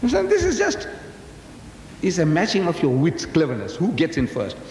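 A man's voice: a little high, wildly swooping pitch, normal speed, a little mellow. A man, giving a religious public lecture as a storyteller who keeps asking the audience rhetorical questions. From South Africa. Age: 70s. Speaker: Muslim lecturer. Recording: echoey hall, faint noise.

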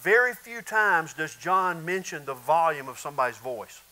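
A man with a high, bright voice preaching to a congregation. He talks casually and chattily, then breaks into loud shouts and laughs. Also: expressive, normal speed, rough recording. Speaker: pastor. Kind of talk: sermon.

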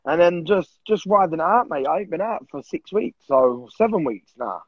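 A laid-back male guest with a slangy, sweary way of chatting. His voice is husky and slightly high, heard on a dull, dry, lo-fi recording. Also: expressive, moderate pace, no echo. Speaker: podcast guest. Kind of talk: casual podcast chat.

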